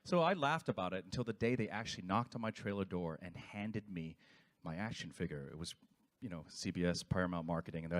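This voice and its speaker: A man with a mid-range voice telling a story on a convention stage. He gets lively and self-mocking as he goes, playing up his own embarrassment. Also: fairly low pitch, brisk. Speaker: cast member at a reunion panel. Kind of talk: storytelling on a panel.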